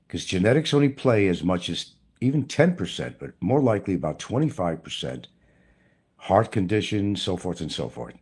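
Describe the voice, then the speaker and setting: Man, YouTuber rant, profane and preachy, very animated pitch, husky. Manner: blunt, profane, preachy ranting. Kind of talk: ranting monologue to camera.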